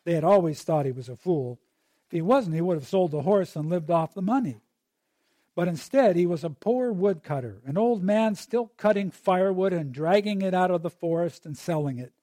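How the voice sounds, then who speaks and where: A male preacher delivering a sermon in an easy, conversational way, full of asides. His voice sits high but sounds mellow and dark-toned. The recording is dry and close. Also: expressive, moderate pace, no room sound.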